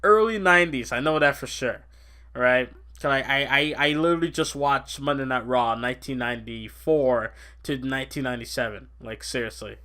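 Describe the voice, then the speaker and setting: A young man hosting a casual podcast, rambling excitably about wrestling and laughing often. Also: mid-range voice, moderate pace. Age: young adult. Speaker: podcast host. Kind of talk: casual wrestling recap chat.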